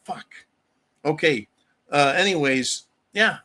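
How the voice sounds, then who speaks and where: A slightly high-voiced American man takes it slowly, his delivery pushed and bright, as he hosts a livestream. His casual rant rambles along bluntly and profanely, and he reads viewer messages aloud.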